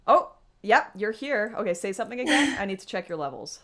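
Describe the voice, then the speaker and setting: A woman's voice: medium pitch, very animated, brisk, fairly bright tone. A young woman hosting a casual livestream, chatting to her viewers and laughing often. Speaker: livestream host.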